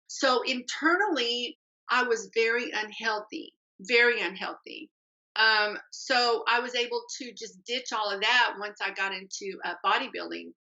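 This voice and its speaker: A woman's voice: a little high, bright, forceful tone. A woman, a personal trainer telling her story animatedly as a podcast guest and acting out the voices she quotes. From Texas. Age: 60s. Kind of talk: storytelling in an interview. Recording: dull lo-fi remote audio.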